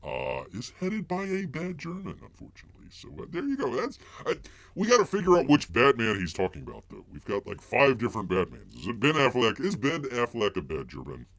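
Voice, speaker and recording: A man's voice: medium pitch, wildly swooping pitch, a little fast, a bit bright. A man hosting a live-stream news commentary, rambling and mocking, full of filler words, who speaks of himself in the third person. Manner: heavy filler words and restarts.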